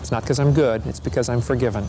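A man's voice: mid-range voice, steady tone, quick pace, mellow, slight background noise. A man preaching to young people at a seminar, folksy and urgent, acting out little scenes as he talks. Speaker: evangelist speaker.

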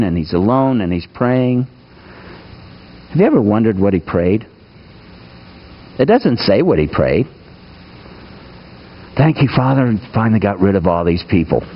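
A man's voice: mid-range voice, highs cut off. Folksy man preaching a sermon. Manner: folksy, engages the congregation with questions. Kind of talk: conversational sermon. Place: church.

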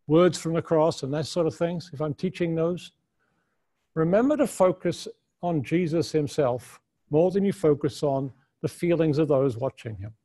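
A man's voice: fairly high pitch, moderate pace, dark tone. A man teaching a conference session on the Bible, earnest and unscripted, often restarting his sentences as he thinks aloud. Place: conference room.

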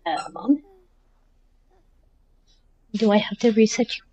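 A woman's voice: mid-range voice, takes it slowly, a little mellow, no echo. A woman in her forties giving casual, chatty commentary on her game at home, talking to the game characters and her dog as she plays. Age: 40s. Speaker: gameplay commentator.

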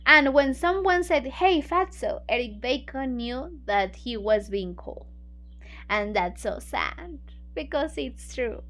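High-voiced, slow-talking woman teacher. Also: lively intonation, fairly bright tone. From Mexico. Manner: conversational, many fillers, explains words in Spanish. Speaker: book club teacher. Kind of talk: retelling a story for English learners.

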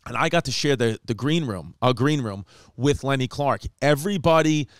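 Animated male comic host, smooth clear voice. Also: moderate pace, dry recording, studio quality. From New York. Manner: animated, raises pitch for quoted voices. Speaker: podcast host and comedian. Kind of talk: casual storytelling chat.

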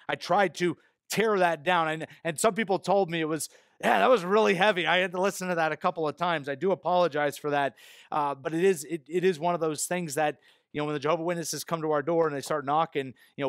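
A man's voice: no echo, studio quality. A male pastor delivering an expository sermon in a church, earnest, with self-deprecating asides. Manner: hushed, low prayer voice. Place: church sanctuary.

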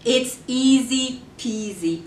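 Storybook kitten, female, young and eager, voiced by a woman; high, excitable, slow sing-song refrain. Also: echoey room, recorded from a distance, slight background noise.

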